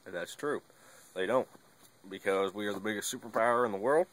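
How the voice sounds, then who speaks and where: A man's voice: lowish voice, brisk, a bit bright. A young man talking casually to his camera, rambling and laid-back, with lots of fillers and the odd curse word. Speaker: vlogger. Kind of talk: casual monologue.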